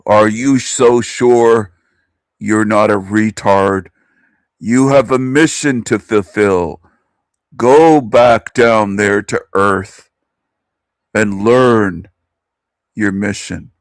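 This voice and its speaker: A man voicing a mocking, booming male heavenly voice with a slow, taunting, drawn-out delivery. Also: no echo.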